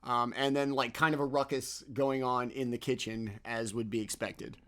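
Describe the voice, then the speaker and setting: A man's voice: medium pitch, little pitch movement, normal speed, fairly bright tone. A man running a tabletop game as game master. He narrates in a loose, rambling way with plenty of fillers and laughter between lines.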